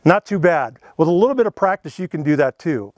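A man's voice: a little high, animated, fairly quick, darkish tone, no room sound, studio quality. A man giving a casual, folksy lesson on elk calling, talking in an easygoing, conversational way. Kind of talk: instructional demonstration.

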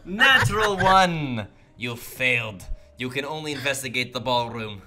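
A man's voice: mid-range voice, moderate pace, background noise. A man hosting a casual board game over a voice call, playful and theatrical with mock-serious lines. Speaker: game host.

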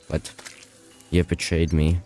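A man's voice: sits low, monotone, a little slow, warm tone, soft background music. A man streaming a video game live, chatting loosely with viewers, often panicking and laughing. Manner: panicky, laughing, rambling to chat.

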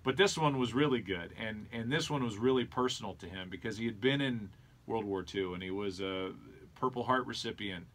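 A man's voice: fairly low pitch, a little fast, a bit bright. A middle-aged man, a sports broadcaster, telling an earnest, reflective personal story in an interview. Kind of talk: conversational storytelling.

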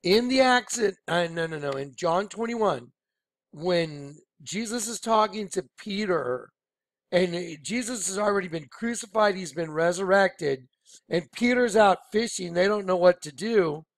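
A man leading an informal screen-share Bible study, excited and rambling, often telling listeners to watch. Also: sits high, a little slow, dry recording, clean studio sound. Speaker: Bible teacher.

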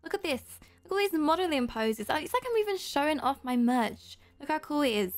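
A woman hosting a Roblox gameplay video, talking straight to her viewers in an excitable, gushing way full of gasps and squeals. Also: high-pitched, brisk. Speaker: YouTuber host.

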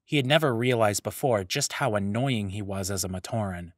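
Brief: male narrator, lowish voice, steady audiobook read, dead-dry close mic. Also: a little fast, hardly any pauses, no echo.

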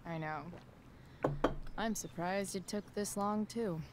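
An actress voicing a rebellious, sarcastic teenage girl in a video game, with a low sardonic drawl. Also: slow, very noisy, lightly acted. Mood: flat.

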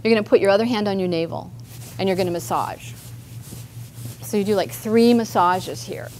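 A woman's voice: mid-range voice, moderate pace, a little mellow, slight background noise. A woman therapist leading a live group workshop, chatty and guiding people through simple movements. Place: meeting room with a group.

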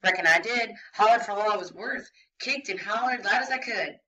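A woman voicing a frightened, defiant young rural woman on the witness stand, speaking in halting, rustic phrases that build into loud outbursts. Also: medium pitch, distant mic, dull audio, voice pushed up, close to an everyday voice. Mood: insistent.

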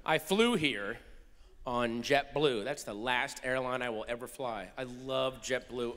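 A man performing a stand-up comedy routine on stage, animated, swinging between muttered asides and shouted rants. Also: mid-range voice, measured pace, a little hiss or hum. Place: large theater stage before a live audience. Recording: live hall recording with reverb.

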